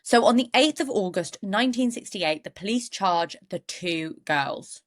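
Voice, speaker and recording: A woman tells a true-crime story in a relaxed, chatty way. Her voice sits at an ordinary middle pitch, and she often breaks off into wry jokes about the case. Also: measured pace. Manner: chatty, goes off on jokey asides. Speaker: podcast co-host.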